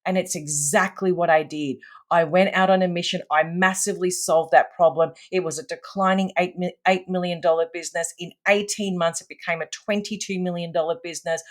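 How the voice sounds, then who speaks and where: Animated woman telling stories. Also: on the low side, brisk, hardly any pauses. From Australia. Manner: animated, emphatic storyteller. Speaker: podcast guest. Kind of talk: storytelling in conversation.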